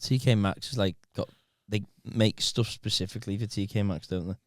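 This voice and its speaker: A man with a lowish voice, chatting casually and laughing through crude banter as a podcast co-host. The recording is dry and close. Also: fairly even intonation, fairly quick, a little mellow, no room sound. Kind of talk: casual chat.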